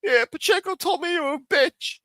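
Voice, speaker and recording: Guy doing a mocking squeaky falsetto ex-mobster, whiny and bright. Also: moderate pace, dry recording, studio quality. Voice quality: mocking, nasal-high falsetto. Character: whiny falsetto caricature of a self-serving ex-mobster.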